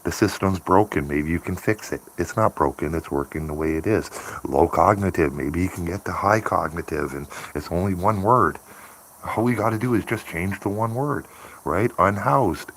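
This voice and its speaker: A man's voice: low-pitched, moderate pace, fairly bright tone, slight background noise. A man chatting casually on a morning live stream, rambling and laughing often. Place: home by a window.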